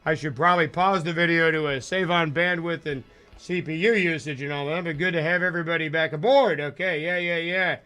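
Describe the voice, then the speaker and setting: A male game streamer talking casually to his viewers in a loose, rambling way, full of jokes at his own expense. His voice sits a bit high for a man and has a bright, forward edge. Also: steady tone, a little fast, clean tone. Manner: rambling, self-deprecating, jokey, chatting to viewers. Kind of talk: casual live-stream chat while playing.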